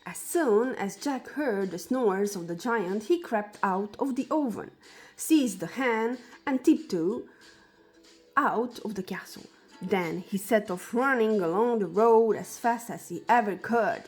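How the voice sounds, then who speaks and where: A woman reads a children's fairy tale aloud at a very slow, careful pace. Her voice sits at an ordinary middle pitch. Soft music plays faintly behind her. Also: animated. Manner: slow, deliberate storybook reading. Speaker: storyteller.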